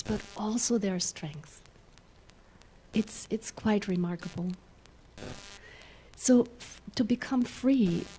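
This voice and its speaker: A faint hum of room noise sits under this gentle spiritual talk by a woman minister, a German speaker from German-speaking Europe. Her voice is mid-range, and she often laughs as she walks listeners through slow breaths.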